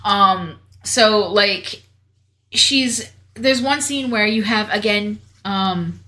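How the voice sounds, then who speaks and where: A woman co-hosting a movie podcast, retelling scenes in an animated, chatty way and acting out the characters' lines. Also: mid-range voice, extremely slow. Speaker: podcast co-host. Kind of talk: casual movie review chat.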